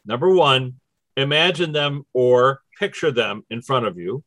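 A man's voice: mid-range voice, expressive, measured pace, fairly bright tone, dry recording. A man hosting a casual spiritual chat, walking listeners through numbered steps. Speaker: host.

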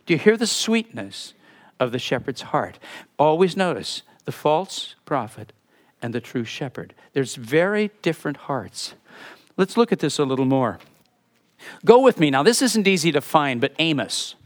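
Male pastor, sermon delivery, high tenor, wide swooping pitch, animated with soft drops. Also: normal speed.

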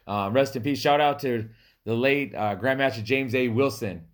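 A man from a Native American reservation hosts a podcast, telling stories in a relaxed, animated manner at medium pitch and a normal pace. He laughs a lot and acts out the people he quotes in this casual storytelling chat.

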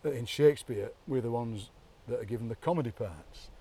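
A man's voice: mid-range voice, fairly quick, husky, recorded from a distance. Chatty Yorkshire man outdoors. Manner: animated storyteller, mimics accents, laughs often. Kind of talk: chatty outdoor walk-and-talk. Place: outdoors by a graveyard.

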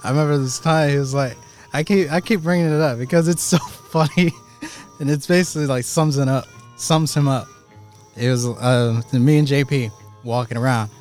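A man's voice: medium pitch, steady tone, normal speed, a little mellow, soft background music. Laughing young man chatting outdoors at night. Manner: laughs often, jokey, crude. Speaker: podcast co-host. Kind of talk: casual chat.

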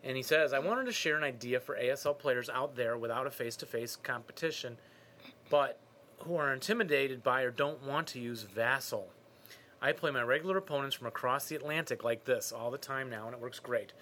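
A man's voice: medium pitch, brisk, bright, forceful tone, slight background noise. A man co-hosting a podcast, reading listener mail in a casual chat with dry, teasing humor. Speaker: podcast co-host.

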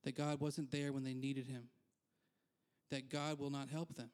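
A man's voice: mid-range voice, flat delivery, unhurried, darkish tone. A man preaching a conversational sermon as pastor in a church, candid and self-deprecating, with frequent asides.

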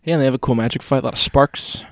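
Male podcast co-host, mid-pitched, quick, wry and rambling. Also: gravelly, dry recording, studio quality. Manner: rambling, heavy "like" filler, wry. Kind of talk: casual chat.

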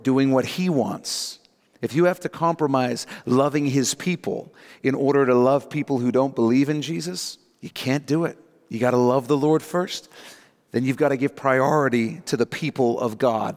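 A man preaching a sermon as pastor, animated, acting out the voices of the people he quotes. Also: mid-range voice. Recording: long hall reverb.

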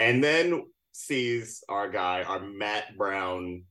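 A man with a low voice recaps a movie scene for a podcast, relaxed and amused. He slips into mock quotes of the people he describes. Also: drawn-out words. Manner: laid-back recap with mock quotes, chuckling. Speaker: podcast co-host or guest. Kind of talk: casual movie discussion.

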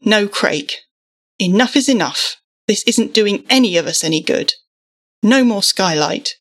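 A weary mother, as a woman narrator voices her, speaks firmly and stays measured. Her tone is steady and controlled. It sounds like a storybook reading. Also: medium pitch, breathy edge. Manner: firm and measured. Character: firm, weary mother keeping calm.

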